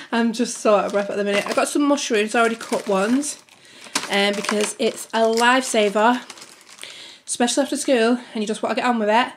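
A woman's voice: a little high, fairly even intonation, fairly quick, noisy background. A young woman chatting through a family grocery haul to camera at home, rambling and slightly out of breath. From United Kingdom. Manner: chatty, rambling, keeps addressing viewers as guys. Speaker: family vlogger.

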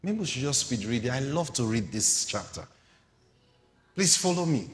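A man's voice: medium pitch, animated, brisk, big-room sound. A man preaching a sermon, reading scripture aloud and explaining it with rhetorical questions to the congregation.

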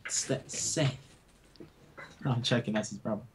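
A man's voice: medium pitch, unhurried, background noise. A young man, rambling and swearing in casual chat while playing a game. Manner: rambling, swearing, stumbling restarts. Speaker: gamer.

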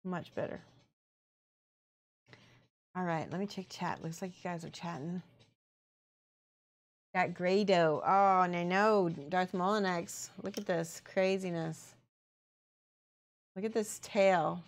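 A woman's voice: lowish voice, slow, pauses often. A woman chatting casually on a live stream as she paints miniatures, thinking aloud and reading out the chat.

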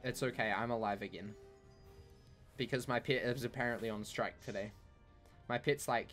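A man's voice: medium pitch, normal speed, pauses often, a bit bright, soft background music. A man chatting casually while streaming a game, playful and teasing, often repeating himself. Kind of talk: casual gameplay chat.

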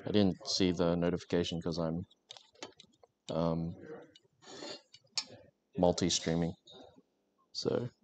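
A man chats to his stream viewers while working on a craft, rambling from joke to joke with plenty of ums and likes. His voice sits a little low, and a faint hum of noise runs underneath. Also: flat delivery, slow pace, long pauses. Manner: rambling, joking, many fillers. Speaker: livestreamer. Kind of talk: casual live-stream chat while crafting.

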